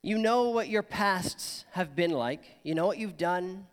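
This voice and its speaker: A man's voice: high voice, animated, unhurried, in a large hall. A man preaching a sermon in church, earnest and personal, sometimes voicing people's imagined thoughts. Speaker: pastor.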